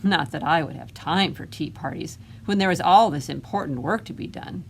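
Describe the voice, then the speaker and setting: A woman's voice: lowish voice, normal speed, slight background noise, natural voice. A woman reading as a grumpy, jealous goblin. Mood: grumbling. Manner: indignant, sarcastic complaining. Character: grumpy jealous male goblin, self-important. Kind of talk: read-aloud picture book narration.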